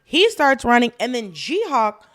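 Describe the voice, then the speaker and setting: Animated woman co-hosting a podcast. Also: fairly high pitch, unhurried. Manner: animated, acts out scenes in quoted voices. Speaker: podcast co-host. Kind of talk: casual chat recapping a drama.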